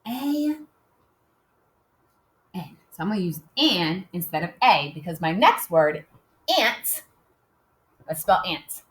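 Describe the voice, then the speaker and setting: A woman teaching young children to write, slowly sounding out words and spelling them letter by letter. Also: on the low side, animated, fairly bright tone. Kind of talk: modeled writing lesson for young children.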